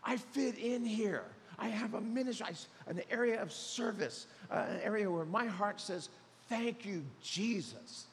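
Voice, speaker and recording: A man preaching a sermon as pastor, animated and acting out the voices of the people he describes. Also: fairly high pitch, long reverb tail, a little hiss or hum. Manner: animated, acts out voices of others. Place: church sanctuary.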